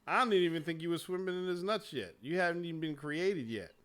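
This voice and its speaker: A man hosting a casual gaming chat show, talking in a profane, animated way and laughing often. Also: on the high side, fairly quick. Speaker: show host.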